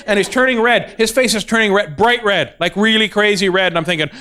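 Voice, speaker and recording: A man telling a stand-up story on stage, animated and acting out voices. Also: sits high, smooth. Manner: animated, acts out voices, quick asides. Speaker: comedian.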